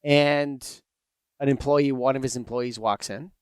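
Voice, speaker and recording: Smooth-voiced man telling a story. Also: mid-range voice, measured pace, dry recording. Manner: animated storyteller, acts out anecdotes. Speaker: podcast co-host. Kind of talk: casual chat.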